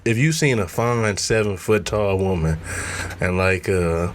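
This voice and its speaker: A man's voice: sits low, unhurried, background noise. A man co-hosting a casual podcast, telling work stories with a lot of swearing and laughter. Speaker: podcast co-host. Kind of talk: casual storytelling chat.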